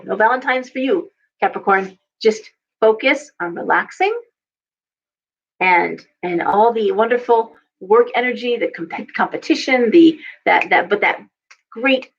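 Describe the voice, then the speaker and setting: A woman's voice: fairly high pitch, dull audio. A woman giving a casual live tarot reading, chatty and coaching, often repeating herself. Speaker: tarot reader.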